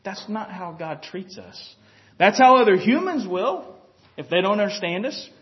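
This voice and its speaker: A man's voice: sits high, very animated, moderate pace. A man preaching a sermon in a homey, conversational way, often chuckling and saying "you know" to the congregation. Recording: dull lo-fi recording.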